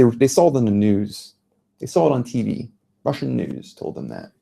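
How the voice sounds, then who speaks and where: American man in his thirties, mellow tone, earnest speaker at a lecture. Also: mid-range voice, big pitch swings, vocal fry, breathy edge. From United States. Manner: earnest, measured storytelling. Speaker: journalist giving a talk. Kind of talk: public speech. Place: lecture venue.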